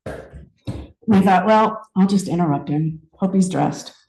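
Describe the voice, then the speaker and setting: Woman in her 50s, chatty reflective sermon story, soft warm tone, lots of room echo. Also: lowish voice, slight background noise. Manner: conversational, reflective, with pauses and restarts. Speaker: speaker at a spiritual center.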